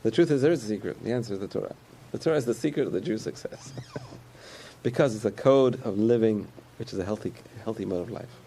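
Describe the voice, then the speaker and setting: A man's voice: fairly low pitch, animated, quick pace, vocal fry, mellow, slight background noise. A man giving a conversational sermon about faith, repeating phrases and chuckling often.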